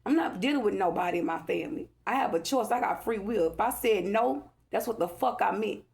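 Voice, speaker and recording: A woman's voice: medium pitch, fairly quick, creaky, a little mellow. A woman talking to her viewers in an agitated, profane, repetitive rant. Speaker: vlogger. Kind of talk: angry rambling monologue to camera.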